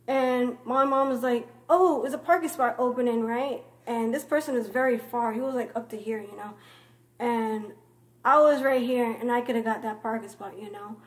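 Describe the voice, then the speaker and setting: A woman's voice: a little high, steady tone, moderate pace. A young woman vlogger telling a story in a rambling, casual way, tossing in "you know" constantly and calling people names.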